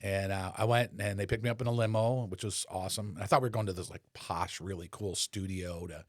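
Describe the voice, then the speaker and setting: A man in his sixties, a podcast guest and former rock bassist, telling relaxed, rambling anecdotes with lots of fillers. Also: fast talker, dry recording, studio quality. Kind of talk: casual conversational storytelling.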